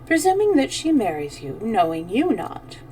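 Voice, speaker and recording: A woman voicing a melancholy middle-aged Chinese gentleman who speaks slowly and measures his dry questions. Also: a little high, huge pitch swings, distant mic, a little hiss or hum, poor audio. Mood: measured. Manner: slow and measured, dryly questioning.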